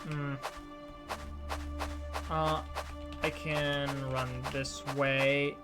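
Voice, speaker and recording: A man's voice: fairly high pitch, flat delivery, very slow, over loud music. A man streaming a video game, making casual asides and reading the story text aloud. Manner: casual, mumbling asides while playing.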